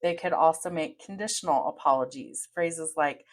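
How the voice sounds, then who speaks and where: A woman hosting a podcast, talking in an earnest, steady, advice-giving monologue. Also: low-pitched, moderate pace. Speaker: podcast host.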